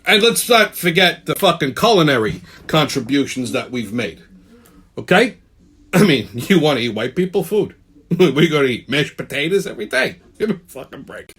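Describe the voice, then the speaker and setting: Brash male host, high lively voice, swearing tough-guy rant. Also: moderate pace, slightly rough. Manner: brash tough-guy delivery, keeps asking "okay?"; heavy swearing. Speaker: channel host. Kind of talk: profane comedic rant to camera.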